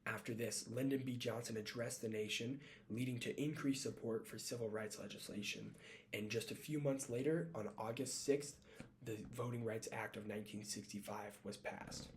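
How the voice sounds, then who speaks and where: A man's voice: medium pitch, steady tone, moderate pace, a little hiss or hum. Man reading a class presentation. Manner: reads from a script with small slips and self-corrections. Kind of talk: read-aloud class presentation.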